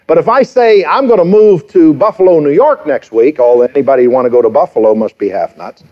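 A man in his fifties preaches with emphatic force, pressing points home with rhetorical questions and repetition. His voice sits somewhat high for a man. The recording is dull and lo-fi. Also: lively intonation, brisk. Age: 50s. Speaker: pastor. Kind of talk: sermon.

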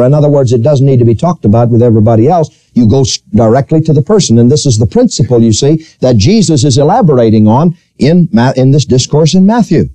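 A male pastor preaching a sermon in church, telling a personal story with lively, animated delivery. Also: no room sound. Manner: storytelling preacher, animated, rising to high pitch when quoting.

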